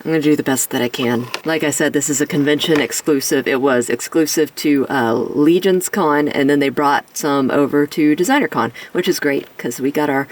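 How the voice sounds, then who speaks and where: Toy reviewer, sick rough voice, chatty, self-deprecating, mid pitch, set back from the mic. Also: normal speed, hardly any pauses, distant mic, a little hiss or hum, rough recording. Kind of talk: casual action figure review.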